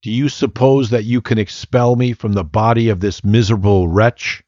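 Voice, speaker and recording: A man's voice: fairly low pitch, fairly even intonation, moderate pace, darkish tone, no room sound, lightly acted. A man voicing a mocking, scornful male devil in a storybook reading, on a slightly muffled, dry recording. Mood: sneering. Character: mocking sneering male devil possessing a girl.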